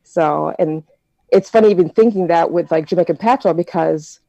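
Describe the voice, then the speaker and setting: American woman, mellow low voice, dry close sound, chatty storyteller in a group talk. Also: moderate pace, gravelly, no room sound, low-quality recording. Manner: chatty, reflective storytelling with many fillers. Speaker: discussion participant. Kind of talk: casual group discussion.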